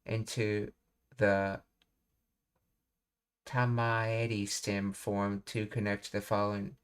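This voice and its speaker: Low, flat-voiced man teaching live. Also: smooth. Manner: thinking aloud, reading explanations, self-questioning. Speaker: language teacher. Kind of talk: live-stream language lesson.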